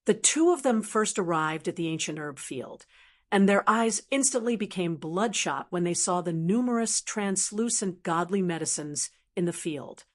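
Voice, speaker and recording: A woman's voice: fairly low pitch, expressive, moderate pace. Woman narrating a fantasy audiobook. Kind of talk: scripted narration of a fantasy novel.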